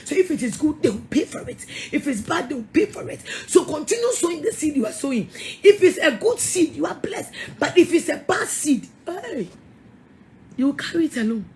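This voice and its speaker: Ghanaian lady pastor, high voice, scolds and laughs a lot, repeats herself. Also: very animated, fairly quick, a little mellow, a little hiss or hum. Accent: Ghanaian English. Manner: emphatic, scolding, repeats words, laughs often. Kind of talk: sermon-style counselling talk.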